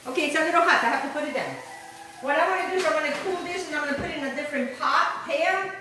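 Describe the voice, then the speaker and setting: A woman's voice: high voice, very fast, reverberant, noisy background. A woman hosting a home cooking show, chatting to viewers and often checking in with them as she works in her kitchen. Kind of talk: casual cooking demonstration.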